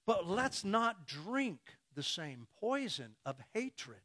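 Animated high-voiced male preacher. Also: slow. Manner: animated, acts out imagined dialogues. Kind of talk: sermon.

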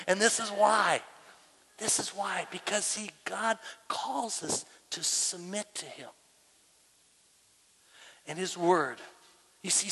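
A male pastor with a bright, forceful, fairly high voice delivers an animated sermon. He repeats phrases for emphasis and sometimes sinks into a hushed, prayerful tone. His voice carries a long reverb from a large church hall. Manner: emphatic, animated preaching with frequent repetitions; drops to a hushed, near-whispered prayer voice at times.

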